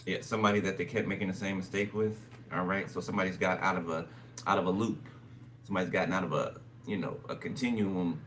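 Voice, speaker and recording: A man's voice: sits low, fairly even intonation, quick pace, fairly bright tone. A man giving a casual tarot reading, musing aloud and repeating phrases with frequent "okay?" checks. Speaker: tarot reader. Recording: distant mic with background noise.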